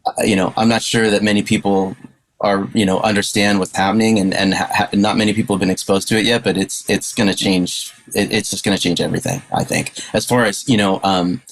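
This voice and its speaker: A man on a panel discussion talking with excited enthusiasm, stammering and restarting his sentences as he goes. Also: fairly low pitch, brisk, poor audio.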